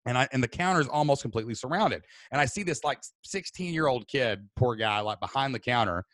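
A loud, animated man with a drawl, spinning a story with big bursts of energy. His voice sits at an ordinary middle pitch and sounds close and dry, with no room around it. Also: no echo. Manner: loud, excitable, fast-moving. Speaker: podcast host.

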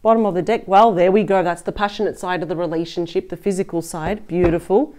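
Female tarot reader, warm mellow voice, casual rambling delivery to camera. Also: fairly low pitch, steady tone, fast talker. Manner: chatty, thinking aloud, trailing into asides.

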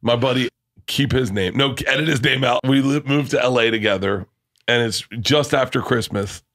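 A middle-aged man hosting a podcast, telling comedic stories in an animated, profane, laughing way. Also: mid-range voice, normal speed, no room sound, clean studio sound. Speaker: podcast host. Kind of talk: casual comedic storytelling.

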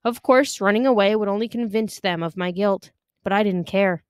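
A woman reading a novel aloud in an expressive, careful way. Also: medium pitch, moderate pace, clean tone, dry recording, studio quality. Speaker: reader.

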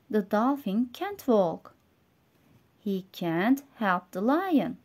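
A woman with a Turkish accent teaching English vocabulary and reading a simple story aloud, slow and clear, going word by word. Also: mid-range voice, sing-song, darkish tone. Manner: slow, clear, explaining words one by one.

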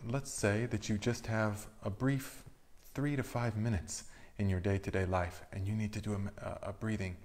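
A man leading a guided breathing meditation, giving calm instructions and counting slowly through each breath. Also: on the low side. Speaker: meditation leader.

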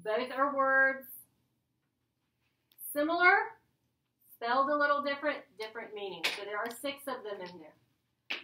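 A woman's voice: sits high, measured pace, long pauses, noisy background. A woman teacher giving a playful, chatty grammar lesson to her class. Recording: echoey classroom from a distance.

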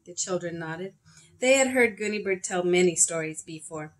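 A woman narrating a children's chapter book aloud in an expressive, clear storytelling manner. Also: lowish voice, normal speed, low-quality recording.

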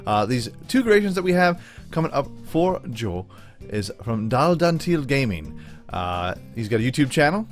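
A man's voice: mid-range voice, normal speed, soft background music. A man hosting a let's-play, chatting casually in slang, rambling and talking to himself as he plays. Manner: excitable, slangy, rambling, talks to himself while playing. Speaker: gaming channel host.

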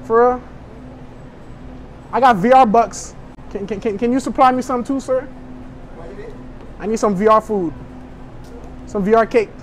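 A man's voice: extremely high pitch, unhurried, pauses often, a little hiss or hum. A young man chatting brashly to strangers in a store, joking and provoking as a prank vlogger. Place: inside a store.

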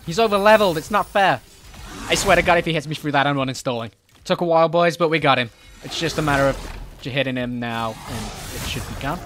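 A man giving joking, excitable commentary while playing a game, often shouting at enemies. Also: fairly high pitch, fast talker, music in the background. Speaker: gaming YouTuber. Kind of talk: comedic let's-play commentary.

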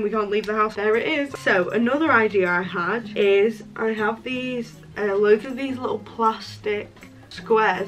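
A woman's voice: medium pitch, low-quality recording. A young woman talking casually in a crafting vlog, chatty and joking with self-mocking asides. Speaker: crafting vlogger.

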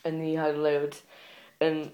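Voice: mid-range voice, completely flat delivery, dark tone, highs cut off. Rambling teen vlogger. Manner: rambling, halting talk with many fillers, breaking off to give the dog short commands. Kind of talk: casual home vlog. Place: at home with a dog.

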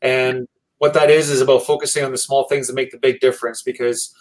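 A Canadian man, a guest motivational speaker, answering interview questions. He sounds earnest and measured, in keynote-like phrasing. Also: medium pitch, level tone, poor audio.

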